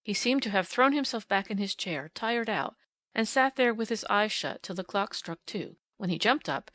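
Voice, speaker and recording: A woman's voice: medium pitch, fairly quick, no room sound. New Zealand woman reading an audiobook. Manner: expressive storytelling reading. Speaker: audiobook narrator. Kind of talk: scripted audiobook narration in first person.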